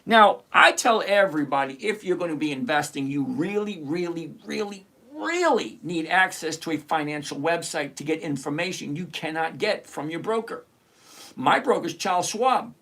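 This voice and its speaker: A man's voice: a little high, animated, moderate pace, bright, forceful tone. A man hosting a live stock-picking stream, blunt and sarcastic, explaining stock numbers like a chatty teacher. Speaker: livestream host. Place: at his computer, reviewing charts.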